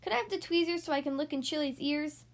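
A woman's voice: sits high, fast talker. A woman voicing a kind young girl who plays toy doctor, sweet and earnest, in a storybook reading. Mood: gentle.

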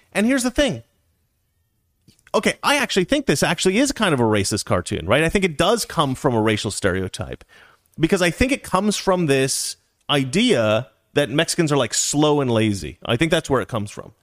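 Animated, rambling male storyteller. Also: a little high, normal speed. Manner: rambling, animated, with many restarts and asides. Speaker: vlog host telling a personal story. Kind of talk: casual storytelling.

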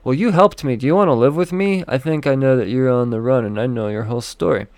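A man voicing a kindly older woman in a comic story, talking in a gentle, folksy, reassuring way. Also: medium pitch, fast, dry recording, lightly acted. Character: kindly older woman who took in a runaway.

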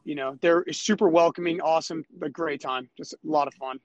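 Higher-voiced young man, dry dull sound. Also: brisk, dry recording. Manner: relaxed, rambling with fillers. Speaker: guest. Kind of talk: casual chat.

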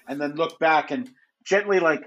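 A man playing a tabletop game, describing his moves in a wry, animated way. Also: fairly high pitch, normal speed, lo-fi sound. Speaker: player. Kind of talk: casual tabletop play.

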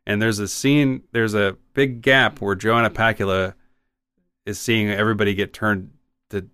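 Guy riffing on a bad movie, lowish voice, dry close mic, mumbly trail-offs. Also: fairly even intonation, moderate pace, fairly bright tone, smooth, dry recording. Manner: rambling, wry, trails off into mumbles. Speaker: podcast co-host. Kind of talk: casual movie discussion.

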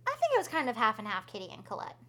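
A young woman co-hosting a book podcast, joking, swearing freely and reacting quickly. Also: on the high side, huge pitch swings, a bit bright. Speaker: podcast co-host. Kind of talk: casual book podcast chat.

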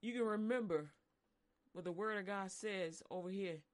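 A woman preaching a sermon, animated and dramatic, acting out voices and swinging between loud and soft. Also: mid-range voice, normal speed.

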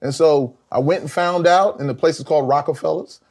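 Middle-aged male guest, animated raconteur, voices the people in his stories. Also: a little fast. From South Carolina, US. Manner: animated storyteller, acts out quotes with big pitch jumps. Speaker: guest, former band vocalist. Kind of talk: casual interview storytelling.

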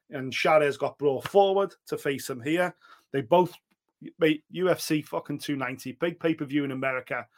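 A man co-hosting a podcast in casual sports chat, animated and swearing freely, often acting out what other people said. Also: fairly high pitch. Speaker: podcast co-host.

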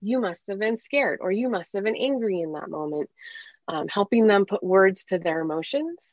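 A woman's voice: medium pitch, lively intonation, normal speed, no echo, dull audio. A woman working as a parenting coach, explaining earnestly in a conversational interview and acting out bits of dialogue.

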